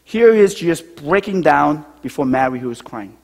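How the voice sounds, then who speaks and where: A man preaching a sermon in a church, his voice sitting a little high with a husky edge. He talks to the congregation conversationally, then falls to a soft hush on key lines. The sound hangs in the long reverb of a large hall. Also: expressive, moderate pace. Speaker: pastor. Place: church sanctuary.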